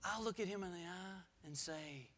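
Bright-voiced animated male preacher. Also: sits high, moderate pace, in a large hall. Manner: animated storytelling, laughs and builds emphasis. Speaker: pastor. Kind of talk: sermon.

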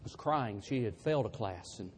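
A man's voice: fairly low pitch, expressive, normal speed, slight background noise. A man preaching a sermon through humorous, self-deprecating storytelling.

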